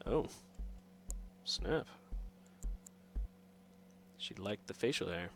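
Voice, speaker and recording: A man's voice: sits low, animated, slow, gravelly, pauses often, fairly bright tone, slight background noise. A man making casual, joking asides while playing through a game. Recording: game music under voice. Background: game music.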